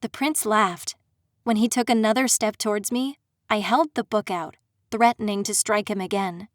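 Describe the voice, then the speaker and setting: A woman reading a first-person dark fantasy audiobook in a steady, dramatic storytelling manner. Her voice sits in a middle pitch. The recording is dry and close. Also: measured pace, no echo. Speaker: audiobook narrator.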